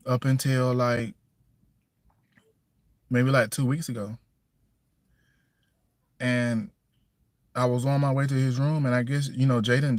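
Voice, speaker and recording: A man talks loosely and plainly on a casual livestream, circling back and repeating himself as he goes. His pitch sits in the middle of the male range. He comes across firm and direct about how his household should run. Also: dry recording, clean studio sound. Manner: loose, repeats himself, keeps asking "you know what I'm saying". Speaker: single father livestreaming.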